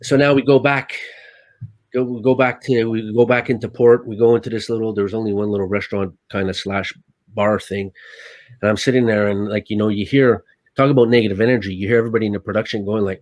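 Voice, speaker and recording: Animated, swearing man telling stories. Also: fairly low pitch, a little fast, no echo. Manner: animated, swears often, acts out his own lines. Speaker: stuntman guest. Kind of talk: casual storytelling.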